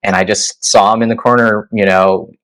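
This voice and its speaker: A man's voice: fairly low pitch, normal speed, poor audio. A man in his thirties, a guest musician telling stories casually, full of fillers like "you know" and "like". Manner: animated anecdotes, many fillers like "you know" and "like". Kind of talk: casual interview storytelling.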